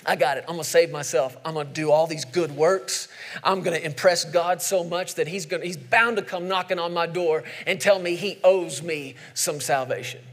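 Man preaching as a stubborn self-reliant guy, high voice, brushing off help, insistent. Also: normal speed, lightly acted.

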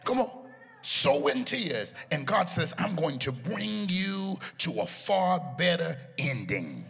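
A man preaching a sermon in a chanting, sing-song style, his voice rising into shouts at its peaks. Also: high voice, sing-song, takes it slowly, vocal fry, breathy edge. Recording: echoey hall with music behind.

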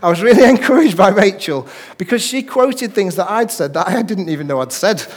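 A man preaching a sermon to his congregation. He reads scripture slowly and deliberately and breaks off for jokey asides to the people in front of him. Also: high-pitched, lively intonation. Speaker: pastor.

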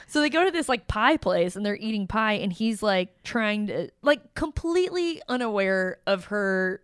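Clear-voiced woman hosting a chatty movie recap. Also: mid-range voice, moderate pace, no echo, clean studio sound. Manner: animated, laughing retelling with lots of fillers. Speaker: podcast host. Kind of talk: casual movie recap chat.

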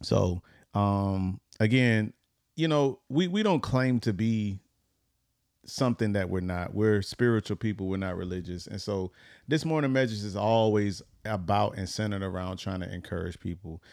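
Gravelly low-voiced man, podcast co-host. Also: normal speed, no echo, clean studio sound. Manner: relaxed, laid-back with many fillers. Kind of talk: casual chat with a short scripture message.

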